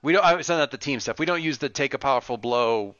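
A man's voice: medium pitch, quick pace, a loud crowd. A man narrating as game master of a tabletop game, rambling with many fillers and restarts, over an online voice call. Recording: muffled lo-fi voice chat.

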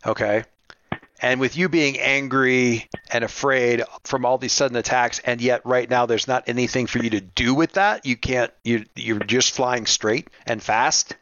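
A man running a tabletop game as game master, describing scenes in a rambling, halting way with many restarts. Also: medium pitch, fairly even intonation, a bit bright, no echo, highs cut off.

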